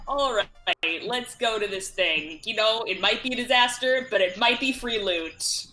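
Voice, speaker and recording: A woman's voice: fairly high pitch, unhurried, pushed and bright. A woman playing a tabletop game, announcing her moves playfully. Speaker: player. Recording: roomy echo.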